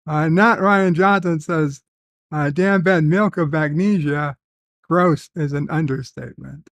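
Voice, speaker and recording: A man hosting a casual livestream, reading viewer comments aloud and telling rambling stories with many filler pauses. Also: on the high side, no room sound. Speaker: livestream host.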